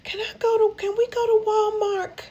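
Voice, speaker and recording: A woman voicing her frail elderly grandmother, high and quavering with tears. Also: level tone, moderate pace, dark tone, muffled recording. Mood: tearful pleading.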